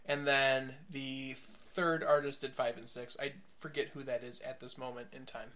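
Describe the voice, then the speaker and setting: A man co-hosting a podcast, casually retelling a comic and a joke in a relaxed way. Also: mid-range voice, normal speed. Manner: relaxed storyteller, tells jokes. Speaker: podcast co-host. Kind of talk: casual comic book chat.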